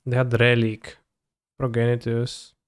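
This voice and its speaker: A man's voice: mid-range voice, completely flat delivery, unhurried, clear, resonant tone, no room sound, studio quality. A man streaming a card game, talking casually through his plays and muttering to himself with loose, offhand remarks. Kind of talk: casual live play commentary.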